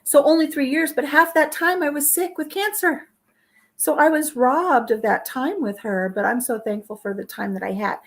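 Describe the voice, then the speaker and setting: Speaking at normal speed in a high voice, a middle-aged vlog host chats casually while baking in her home kitchen, crying and tearfully pushing through as memories come up.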